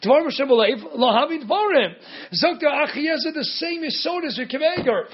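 A Torah teacher with a very high voice gives a Talmud lecture, brisk and with lively intonation, posing rhetorical questions and answering them himself. He mixes Hebrew and Aramaic terms into his English, and the recording sounds dull and lo-fi.

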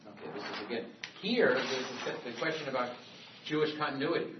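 A man's voice: medium pitch, expressive, quick pace. Man, classroom lecture, rambling asides, echoey room, faint background noise. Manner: discursive, conversational, with frequent asides and restarts. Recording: echoey room from a distance, dull and muffled.

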